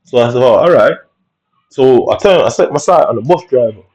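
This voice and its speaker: A man's voice: medium pitch, expressive, fast, a little mellow, muffled recording. A man with telling an angry personal story, rambling and profane, full of tag questions. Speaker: vlogger.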